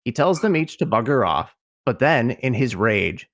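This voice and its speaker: A man with a Midwestern accent hosting a casual podcast, recapping in a relaxed way with asides. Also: mid-range voice, normal speed.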